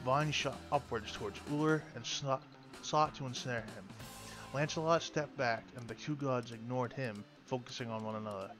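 A man reading a fantasy story aloud at a middling pitch, now and then stumbling and restarting a phrase. Background music plays throughout. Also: normal speed, a bit bright. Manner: reads with slips and restarts. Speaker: lore reader. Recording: music playing behind.

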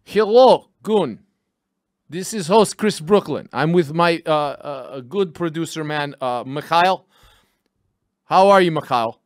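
A man's voice: high-pitched, sing-song, slow pace, hardly any pauses, no echo, voice pushed up, full character voice. A man playing a brash, crude Russian podcast host in a put-on Russian accent with broken English and dropped articles. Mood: hammy greeting. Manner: loud and hammy, dropping articles.

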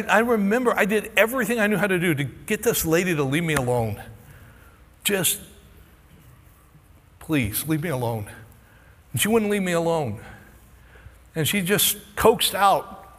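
A man's voice: sits high, expressive, moderate pace, a bit bright. A middle-aged male pastor preaching a sermon, telling a personal story and earnestly pleading with his congregation. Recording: long reverb of a large hall.

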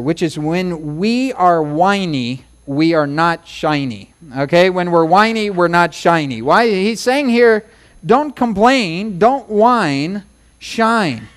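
A man's voice: high-pitched, smooth. A middle-aged man preaching a sermon as pastor, folksy and humorous, acting out quotes and rhymes.

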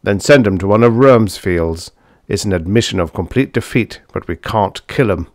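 Gruff harried supervisor in a sci-fi audiobook, low voice, forceful and curt, read by a man. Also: moderate pace, dry recording, clean studio sound, close to an everyday voice. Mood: panicked. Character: curt, harried male rocket port supervisor.

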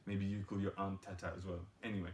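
A man's voice: deep voice, little pitch movement, quick pace. A man teaching a ukulele strum in a casual, playful way, counting and chanting the rhythm aloud while he plays. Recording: roomy sound with ukulele playing.

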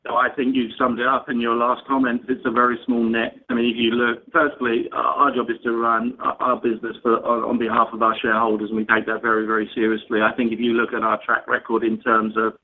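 A man, a company executive answering analyst questions on an earnings call in a measured way with many restarts. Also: mid-range voice, completely flat delivery. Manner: measured, with frequent restarts and fillers. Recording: tinny phone line with faint noise.

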